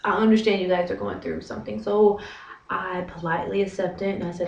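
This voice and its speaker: A woman's voice: mid-range voice, steady tone, quick pace, vocal fry, darkish tone, far from the mic, lo-fi sound. A young American woman in her twenties, vlogging casually about her teaching job in a chatty, dramatic way full of fillers. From United States. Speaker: vlogger, English teacher in Korea. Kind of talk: casual talk to camera. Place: small windowless apartment room. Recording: echoey room, away from the mic.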